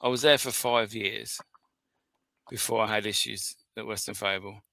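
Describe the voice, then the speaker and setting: A man's voice: lowish voice, steady tone, normal speed, vocal fry, a crowd in the background. A man co-hosting a podcast, chatting casually and jokily, laughing often and swearing freely. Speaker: podcast co-host. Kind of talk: casual chat.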